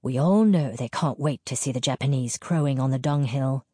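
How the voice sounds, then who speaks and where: A woman's voice: rumbling low, normal speed, dark tone, slightly rough, dry recording. A woman voicing a man in his late thirties, a mining engineer who talks in a dry, clipped, dismissive way. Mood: firm.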